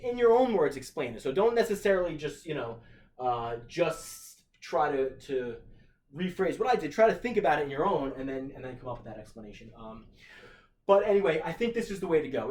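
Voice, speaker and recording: A man's voice: on the high side, a little mellow. Man talking through a math lesson. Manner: thinking aloud, many fillers and restarts. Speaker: teacher. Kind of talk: recorded math lesson walkthrough.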